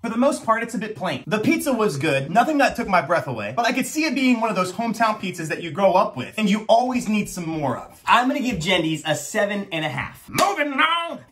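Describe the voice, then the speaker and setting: A man's voice: high voice, big pitch swings, quick pace, hardly any pauses, a bit bright. A young man hosting a food review vlog, joking and making theatrical announcements between bites. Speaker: food vlogger. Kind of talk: upbeat pizza review vlog.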